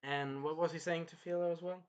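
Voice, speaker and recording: Man, anime reviewer, casual chat, a bit high voice, animated, swears. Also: a little fast, clean tone. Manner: animated, swearing, retells scenes in put-on voices.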